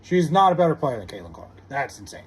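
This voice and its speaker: A man's voice: medium pitch, very animated, quick pace, husky. A young man streaming live, arguing heatedly with his chat and swearing often. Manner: heated, argumentative, swears a lot.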